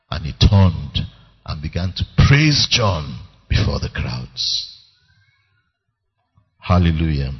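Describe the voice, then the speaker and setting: A man's voice: a bass voice, sing-song, takes it slowly, long pauses, slightly rough. A man preaching a sermon as pastor, emphatic and calling on the congregation to respond. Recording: reverberant lo-fi church recording.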